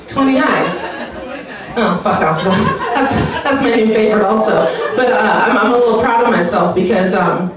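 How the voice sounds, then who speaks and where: A woman putting on the voice of a pushy skincare advertiser in a stand-up bit. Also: mid-range voice. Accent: American. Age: 30s. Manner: brash, profane, conversational storytelling. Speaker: stand-up comic. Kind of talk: stand-up comedy set. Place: live comedy venue with audience. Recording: echoey room recorded from far off, crowd noise.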